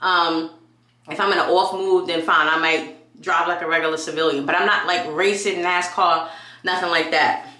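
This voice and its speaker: A woman chats through a casual vlog, animated and quick to act out what people said. Her voice is bright and forceful. The room around her is echoey. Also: fairly low pitch. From New York. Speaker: vlogger.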